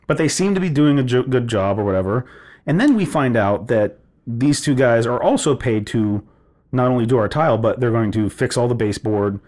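Young guy, casual co-host storyteller, swears, lots of "like", mid-pitched. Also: fairly quick. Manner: animated, swears freely, many "like" fillers. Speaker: podcast co-host telling a story.

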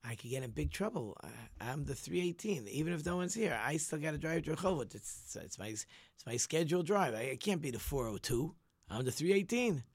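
A man's voice: a little high, animated, a little fast, breathy edge, no echo, clean studio sound. A man playing a harried bus driver. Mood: pleading. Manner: earnest, pleading, matter-of-fact. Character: harried male bus driver, pleading and sly.

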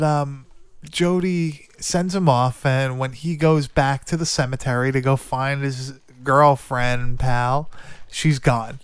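A man's voice: medium pitch, smooth, no echo. A man casually recapping a movie plot on a podcast, rambling and swearing, with lots of "like" and "dude". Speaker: podcast co-host.

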